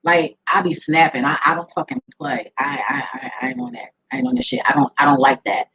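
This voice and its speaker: A woman's voice: low-pitched, expressive, brisk, vocal fry, fairly bright tone, slightly rough, no echo, highs cut off. A woman ranting to camera in a blunt, profane way, often laughing as she talks. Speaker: vlogger. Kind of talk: casual ranting monologue to camera.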